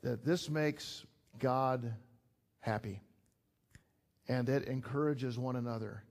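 A middle-aged man preaches to a small church gathering, talking plainly and warmly conversational before pressing his points with emphatic rises. His voice sits in an ordinary middle pitch for a man. He sounds like a pastor addressing his own congregation. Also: slow pace, creaky. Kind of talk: sermon.

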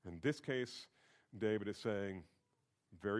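A man's voice: fairly low pitch, normal speed. A male pastor giving a sermon in a conversational teaching manner, stressing points through repetition.

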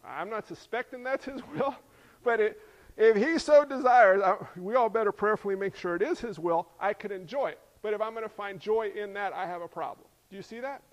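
Man, pastor, lively sermon, rhetorical questions, high voice, long hall echo. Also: fairly quick. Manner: lively, joking, asks the crowd rhetorical questions.

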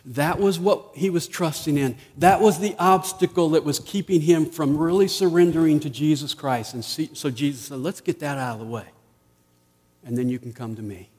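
Man, pastor, sermon, emphatic swells then quiet asides, long hall reverb. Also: a little high, normal speed, slightly rough. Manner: preaching, rising to emphatic peaks then dropping to quiet asides.

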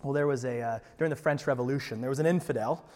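A man preaching a sermon as pastor, emphatic, moving from quiet lines to loud ones and asking his listeners rhetorical questions. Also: mid-range voice, fast talker, big-room sound. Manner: conversational, asks rhetorical questions.

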